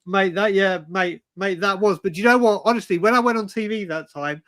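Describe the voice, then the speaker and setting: A man's voice: sits high, a little fast, fairly bright tone. A man, telling stories animatedly on a casual live stream, swearing and saying "mate" constantly. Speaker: co-host.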